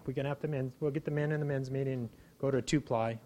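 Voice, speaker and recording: A man preaching to his congregation in a loose, conversational way, often restarting his sentences. He bursts into lively exclamations now and then, and his voice sits a little above the usual male range. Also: a little high, quick pace. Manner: conversational, repeats words and restarts, animated exclamations. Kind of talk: informal sermon.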